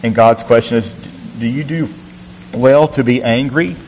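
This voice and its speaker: A man's voice: medium pitch, unhurried, darkish tone. Man giving a bible lesson, earnest, asks lots of questions, repeats words, long reverb, faint hum behind. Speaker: Bible teacher.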